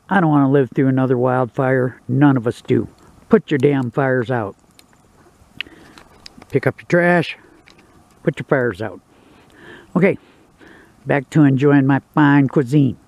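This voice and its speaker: Slow, mellow-voiced outdoorsy man. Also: mid-range voice, vocal fry, muffled recording. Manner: folksy, joking, laid-back. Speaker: vlogger cooking outdoors. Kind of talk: casual outdoor vlog narration. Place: outdoors in the woods by a campfire.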